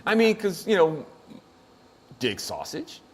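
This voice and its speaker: A man's voice: a little high, wildly swooping pitch, slow pace. A man hosting a show, chatting casually and jokily, rambling and laughing often. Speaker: show host. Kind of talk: casual comedic chat.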